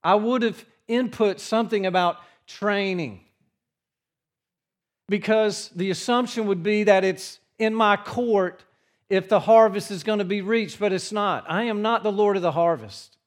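A man preaching a sermon to his congregation in a church, earnest in tone and dropping his voice low for the quiet passages. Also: unhurried. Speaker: pastor.

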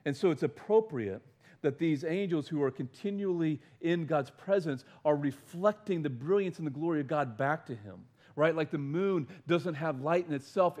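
A man's voice: on the high side, a little mellow. A man preaching a sermon, earnest, stumbling over and repeating words, often asking his listeners questions. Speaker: pastor.

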